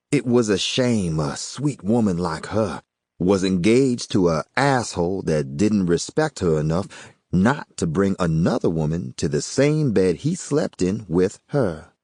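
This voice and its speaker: A man reading a first-person novel aloud as an audiobook narrator, with an expressive storytelling delivery. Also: sits low, dry recording, studio quality.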